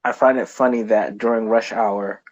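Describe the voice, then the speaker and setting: A man's voice: lowish voice, steady tone, moderate pace, no room sound. A man co-hosting a casual podcast chat, rambling with frequent restarts and swearing when riled. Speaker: podcast co-host. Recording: slightly dull lo-fi sound.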